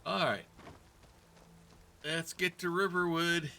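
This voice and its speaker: A man's voice: on the high side, slow pace, vocal fry, pushed and bright, a little hiss or hum. A man from Kentucky giving chatty let's-play commentary, role-playing his way through a fantasy game and chatting with viewers and characters. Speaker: gamer role-playing as himself.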